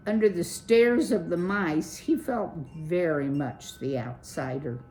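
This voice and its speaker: A woman reading a children's chapter book aloud in a measured, expressive way. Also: fairly low pitch, slight background noise, poor audio. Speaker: children's story reader.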